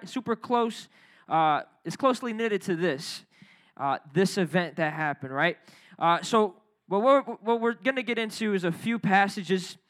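A young adult man preaching a sermon, energetic and playful, calling out to the congregation. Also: high-pitched. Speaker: pastor.

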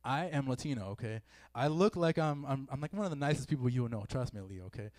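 Speaking to a youth group gathered in a meeting room, a man gives an informal sermon in a medium-pitched, slightly mellow voice with no echo. He's a fast talker, conversational and heavy on filler words, dramatizing the feelings he quotes.

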